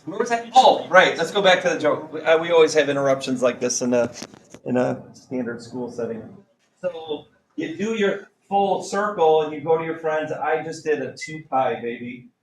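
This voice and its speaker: A man's voice: fairly high pitch, moderate pace, a little hiss or hum, rough recording. Joking man teaching a math class. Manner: joking, quizzing students with countdowns. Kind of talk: classroom lesson.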